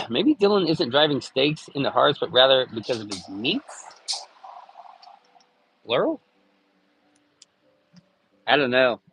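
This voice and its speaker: A man's voice: mid-range voice, big pitch swings, takes it slowly, long pauses, fairly bright tone, slight background noise, poor audio. A man chatting casually on a live stream, rambling and joking with lots of cursing. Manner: crude, rambling, jokey with frequent cursing.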